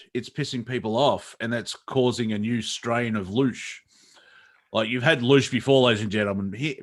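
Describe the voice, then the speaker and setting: A man's voice: medium pitch, fairly bright tone. A man co-hosting a comedy show, chatting casually, laughing often and rambling through restarts. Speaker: comedy podcast co-host.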